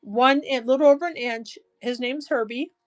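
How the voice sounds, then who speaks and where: A woman hosting a live-stream jewelry auction, chatty and excitable, gushing over each piece. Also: sits high, normal speed. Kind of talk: live auction selling chat.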